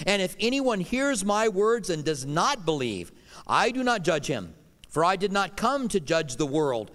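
A middle-aged man delivers a sermon with earnest conviction, his voice sitting a little high for a man. He pushes some lines out loudly and drops others to a hush. A long reverb trails each phrase, as in a church sanctuary. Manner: earnest preaching, swings from loud to hushed. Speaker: pastor.

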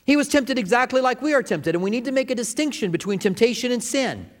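A man, a pastor preaching a sermon, swinging between loud emphatic passages and soft hushed ones. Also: extremely high pitch, lively intonation, fast. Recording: long reverb of a large hall.

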